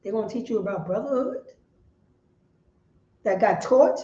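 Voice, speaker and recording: Woman street preacher, pretty high voice, lots of why this why that, yells now and then, echoey sound. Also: expressive, moderate pace, dull audio. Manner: rhetorical questions, bursts of shouting.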